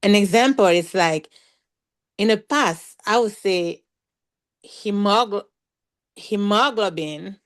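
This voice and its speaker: A woman learner asks her teacher a question in an online class, speaking at a middling pitch. She talks haltingly and searches for her words as she explains.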